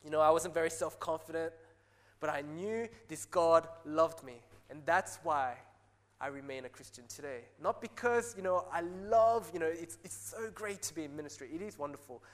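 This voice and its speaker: High-pitched guy preaching, earnest, gets all worked up then goes quiet, echoey church hall. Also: moderate pace. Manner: earnest, builds to excited peaks then drops soft. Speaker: pastor. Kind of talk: sermon. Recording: long hall reverb.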